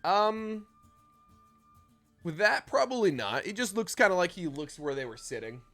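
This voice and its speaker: A man's voice: high-pitched, sing-song, moderate pace, fairly bright tone, faint music behind. A man running a tabletop game as dungeon master, narrating casually with rambling asides and cursing.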